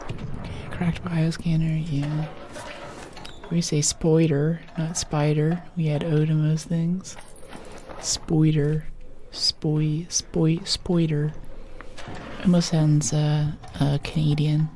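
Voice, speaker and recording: Woman streamer, soft-spoken ASMR gaming talk, deep and dark-toned, playful whispers. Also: flat delivery, slow pace, slight background noise. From United States.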